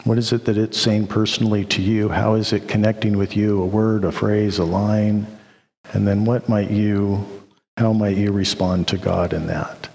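A man preaching a sermon, slow and reflective, with many pauses. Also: on the low side, little pitch movement, creaky, a little mellow. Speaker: pastor. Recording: long reverb of a hall.

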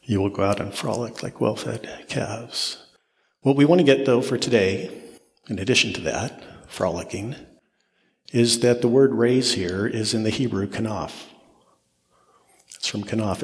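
Man preaching in a reverberant hall. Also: medium pitch. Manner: expository, repeats phrases for emphasis, rising and falling intensity. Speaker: pastor. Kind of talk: sermon. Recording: long reverb of a large hall.

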